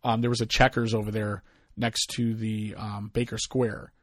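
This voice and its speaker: A man's voice: fairly low pitch, normal speed, dry recording, clean studio sound. A middle-aged man co-hosting a podcast in casual chat, telling stories and acting out the people he quotes. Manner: animated storyteller, acts out quoted voices. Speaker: podcast co-host.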